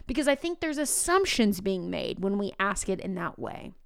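A woman's voice: mid-range voice, sing-song, moderate pace, gravelly, smooth, no echo, clean studio sound. A woman teacher talking casually and telling upbeat classroom stories. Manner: upbeat, storytelling. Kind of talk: casual podcast talk.

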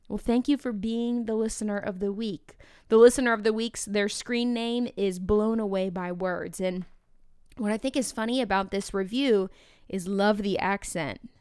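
A woman with a Midwestern American accent hosting a podcast, talking in an energetic, chatty way with playful asides to her listeners. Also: mid-range voice, normal speed, smooth, no room sound, studio quality. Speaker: podcast host. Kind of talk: upbeat podcast monologue.

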